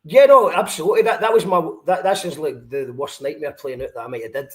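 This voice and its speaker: A man with a Scottish accent hosting a podcast, chatting casually and stumbling over his words as he repeats them. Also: a little high. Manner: halting, repeats words as he talks. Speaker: podcast host. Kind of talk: casual chat.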